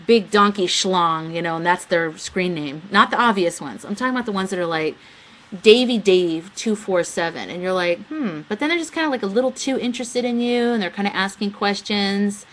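A woman's voice: medium pitch, fairly quick. A young woman hosting a casual live webcam show, chatting, giggling and reading viewer messages aloud. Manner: chatty, giggly, reads chat aloud and retells stories with quoted voices. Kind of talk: casual live-stream chat.

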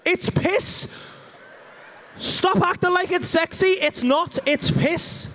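Stand-up guy, really high voice, crude and animated, acts stuff out with moans and gasps on stage. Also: slow. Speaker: stand-up comedian. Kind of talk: stand-up comedy set. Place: comedy club stage.

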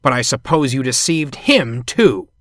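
A man voicing a vain, scornful male steam engine who speaks quickly and sneeringly. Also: mid-range voice, sing-song, a bit bright, no room sound, studio quality, pitched above the performer's own voice. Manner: snorting, scornful.

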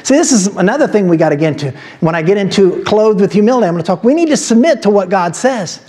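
A man's voice: sits high, expressive, fast, warm tone. A man pastor preaching a sermon in a church, teaching from scripture and building to emphatic exhortation. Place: church sanctuary.

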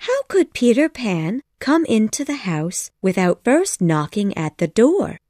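A gentle storybook mother who asks her questions mildly and patiently, as a woman reads her lines. Her voice is mellow and unhurried, in a close, dry recording. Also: on the high side, big pitch swings, no room sound, pitched above the performer's own voice.

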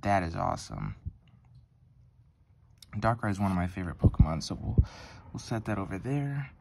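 A man's voice: deep voice, big pitch swings, normal speed, gravelly, darkish tone, slight background noise. A young man hosting a casual card-opening video, chatting with lots of ums and self-corrections. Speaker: card-opening channel host. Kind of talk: casual pack-opening commentary.

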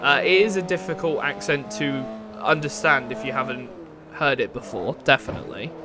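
A man's voice: medium pitch, normal speed, over music. A young English man streaming a racing game, chatting in a rambling, casual way and answering chat. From England. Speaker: gaming streamer. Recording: racing game engine noise behind.

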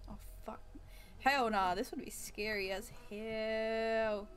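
A young woman streaming a horror game, reacting excitably, swearing, shrieking and laughing nervously. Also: a little high, takes it slowly. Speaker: gaming streamer. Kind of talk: reactive gameplay commentary. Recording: noisy home recording.

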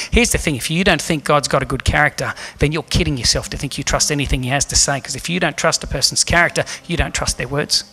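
A man's voice: on the high side, quick pace, hardly any pauses, bright, forceful tone, slightly rough. A man preaching a sermon as pastor in a church, earnest and emphatic, asking the room rhetorical questions. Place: church hall.

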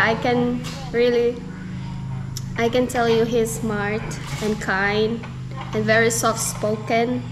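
A woman chatting casually to her viewers in a family vlog, laughing often between phrases. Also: on the high side. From Philippines. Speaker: family vlogger. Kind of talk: casual vlog chat to camera.

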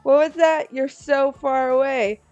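A woman voicing a cocky but sheepish teenage jock boy, reading game dialogue aloud with halting pauses. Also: fairly high pitch, darkish tone, dry recording, dull audio, faint music behind, close to an everyday voice. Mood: teasing.

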